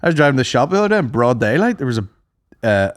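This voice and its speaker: A man's voice: mid-range voice, very animated, racing, no room sound, clean studio sound. A man co-hosting a podcast, joking and swearing in casual banter. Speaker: podcast co-host.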